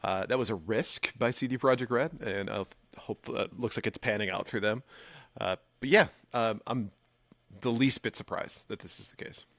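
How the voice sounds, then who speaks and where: A man's voice: lowish voice, moderate pace, fairly bright tone, dry recording. A man on a gaming podcast, chatting casually in a hesitant way with many fillers. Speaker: podcast host. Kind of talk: casual chat.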